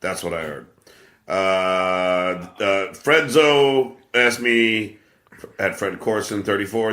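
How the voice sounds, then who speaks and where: A man's voice: fairly low pitch, slow, fairly bright tone, roomy sound. A man hosting a live show, talking casually and crudely and taking an unexpected call. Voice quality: crude, joking. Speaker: show host taking calls.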